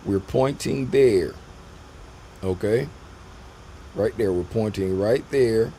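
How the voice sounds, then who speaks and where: Trading teacher, male, deep and warm tone, loose repetitive delivery. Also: slight background noise. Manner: loose and rambling, repeats himself, talks to viewers directly. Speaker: trading educator. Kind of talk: casual screen-share trading lesson.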